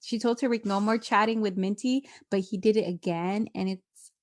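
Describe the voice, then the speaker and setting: A woman's voice: mid-range voice, fairly even intonation, moderate pace. Chatty woman podcast host. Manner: chatty, laughing often. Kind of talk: casual chat recapping a TV episode.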